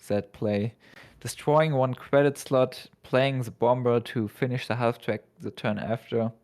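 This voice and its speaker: A man speaks slowly as a co-caster on a strategy card game stream. His mid-pitched voice weighs the plays, and he pauses and restarts now and then. The tone is relaxed analysis. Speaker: esports co-caster. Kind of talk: color commentary.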